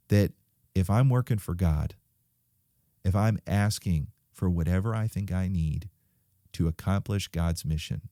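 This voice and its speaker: Earnest low-voiced preacher, man. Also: dry recording, studio quality. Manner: earnest, urging, with storytelling and sudden quiet drops. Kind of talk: sermon to young people.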